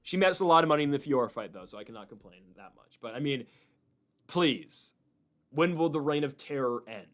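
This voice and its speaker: A man hosting a show of fight predictions, rambling and opinionated in an animated way. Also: mid-range voice, fairly quick. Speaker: host.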